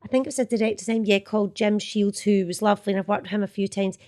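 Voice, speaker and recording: A woman's voice: medium pitch, fast talker. A middle-aged Scottish woman, an actor, chatting in an interview and acting out the quotes in her stories. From Scotland. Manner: chatty, animated, acts out quotes. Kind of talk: casual storytelling interview.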